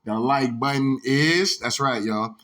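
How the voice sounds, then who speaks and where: A man's voice: medium pitch, unhurried, a bit bright. A man hosting his own sports vlog, ranting in a heated, profane, repetitive way and throwing "dog" into nearly every sentence. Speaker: sports vlogger.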